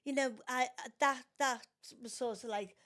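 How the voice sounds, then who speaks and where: With a high-pitched voice at a moderate pace, the host's mother chats on the podcast, spinning family tales. She's an animated storyteller, an older woman who performs the quoted lines in raised voices during this casual conversation.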